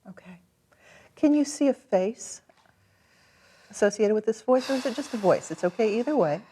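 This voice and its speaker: A woman coaching a client through a tapping session, calm, encouraging and gently directive. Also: fairly high pitch, normal speed, slightly rough.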